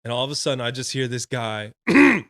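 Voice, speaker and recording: Podcast guest: man in his thirties, animated storyteller who laughs a lot, mid-range pitch, dry close sound. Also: a little fast, dry recording. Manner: casual, frank speech. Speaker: guest, retired Navy corpsman.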